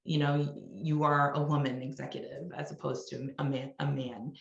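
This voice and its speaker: A woman's voice: sits low, little pitch movement, normal speed, creaky, roomy sound, dull audio. A woman from New York, a marketing executive, speaking as a guest in a podcast interview in a candid, conversational way with frequent restarts.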